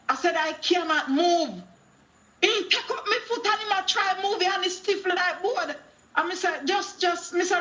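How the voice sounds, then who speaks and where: A woman's voice: extremely high pitch, moderate pace, fairly bright tone. A middle-aged woman with a Jamaican accent, calling in to a talk show with a preachy testimony that quotes scripture and acts out dialogue in patois. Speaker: caller.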